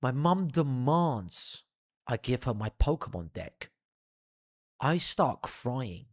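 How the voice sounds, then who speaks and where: A young man telling a funny childhood anecdote in an animated, profane, theatrical way. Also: mid-range voice, slow pace. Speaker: storyteller. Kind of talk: comedic anecdote.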